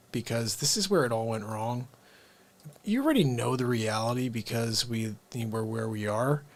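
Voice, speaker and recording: Chatty man hosting a live stream. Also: medium pitch. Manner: rambling, chatty, addressing viewers directly. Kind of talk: unscripted casual live stream chat.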